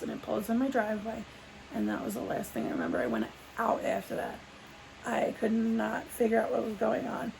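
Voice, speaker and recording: Young woman vlogging a story, kinda gravelly, higher voice, says like a lot. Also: darkish tone, a little hiss or hum, rough recording. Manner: rambling, full of "like" fillers and restarts. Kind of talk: casual sit-down storytelling.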